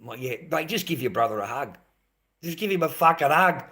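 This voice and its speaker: A man's voice: on the high side, lively intonation, brisk, bright, forceful tone. A man hosting a livestream, ranting bluntly and swearing constantly, repeating his points and calling viewers mate. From Australia. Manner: repetitive, addresses viewers as mate. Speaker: livestream host. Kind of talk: livestream rant.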